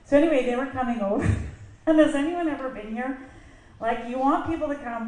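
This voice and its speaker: Lady telling a funny church story, kinda high voice, laughs a lot, big echoey hall. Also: fairly quick. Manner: animated, laughing often, acts out quotes. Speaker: church member sharing a story. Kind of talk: casual storytelling. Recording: echoey hall with faint noise.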